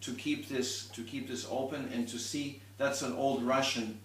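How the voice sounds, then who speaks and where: A man's voice: medium pitch, steady tone, normal speed, noisy background. Man teaching violin in a roomy space. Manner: patient, explains with demonstrations and restarts. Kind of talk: one-on-one instruction. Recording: roomy, from a distance.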